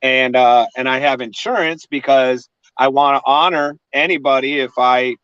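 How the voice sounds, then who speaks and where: Smooth-voiced man, dry lo-fi recording. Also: medium pitch, fairly even intonation, moderate pace, fairly bright tone, no room sound. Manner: hesitant, many fillers and restarts. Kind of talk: casual chat. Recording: dry, dull lo-fi sound.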